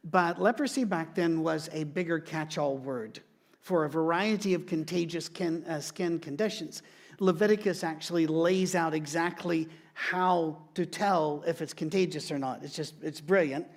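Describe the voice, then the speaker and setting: A man's voice: fairly high pitch, moderate pace. A middle-aged man, a pastor, giving a sermon with conversational, humorous storytelling.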